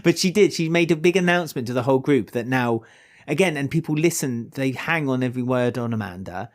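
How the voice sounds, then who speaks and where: A Welsh man talking casually on a podcast. He gets animated and often restarts his sentences, and his voice sits around the middle of the male range. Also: fairly quick. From Wales. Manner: animated, chatty, with many restarts and sudden pitch jumps. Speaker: podcast co-host. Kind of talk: casual chat.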